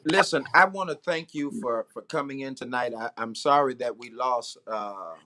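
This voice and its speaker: A man, a pastor hosting the interview, asking questions and speaking in a measured way with some pauses. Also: medium pitch. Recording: faint background noise.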